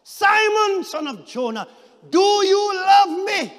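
A preacher acting out a pressing, insistent questioner. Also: male voice, very high voice, sing-song, slow pace, vocal fry, in a large hall, pitched above the performer's own voice, full character voice. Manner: loud, rising, emphatic repetition. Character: Jesus, pressing and probing questioner.

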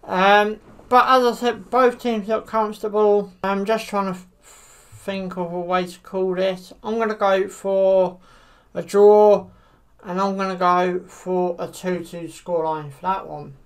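A woman's voice: medium pitch, steady tone, measured pace. Woman, casual vlogger, mid-range voice, hesitant, filler-heavy. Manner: hesitant, many fillers like "you know". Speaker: football predictions vlogger. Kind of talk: casual solo commentary to camera.

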